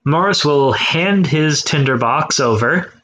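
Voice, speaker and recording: A man playing a tabletop role-playing game, excitable, swearing often and narrating his barbarian's attacks. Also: on the high side, slow. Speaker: player. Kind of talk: casual tabletop game play.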